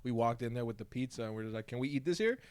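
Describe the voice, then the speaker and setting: A man's voice: mid-range voice, expressive, rapid-fire, darkish tone, clear, resonant tone. A man co-hosting a podcast, telling stories in loose, rambling, slangy casual chat. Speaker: podcast co-host.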